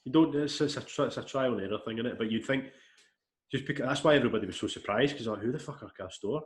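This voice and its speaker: A man's voice: mid-range voice, quick pace, a little hiss or hum. A young Scottish man co-hosting a podcast in casual chat, blunt and swearing freely. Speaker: podcast co-host.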